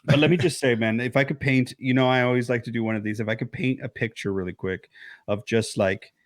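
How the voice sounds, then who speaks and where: A man co-hosting a horror film podcast over a remote call, retelling scenes with swearing and sudden high-voiced bits. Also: quick pace. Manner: animated, swearing, acts out scenes in high yelps. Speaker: podcast co-host. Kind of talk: casual film chat.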